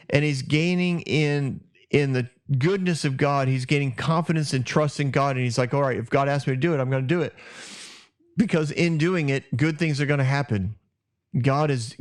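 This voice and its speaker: Rambling man hosting a Bible talk. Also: medium pitch. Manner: rambling, restarts and self-corrections. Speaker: podcast host. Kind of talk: casual Bible teaching talk.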